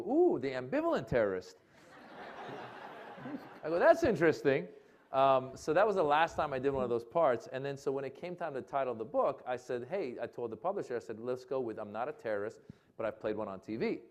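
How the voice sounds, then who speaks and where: A man tells a comic story to a live audience at a mid-level pitch. He acts out the voices of the people in his tale. He breaks into laughter often. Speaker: comedian guest. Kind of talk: storytelling on stage.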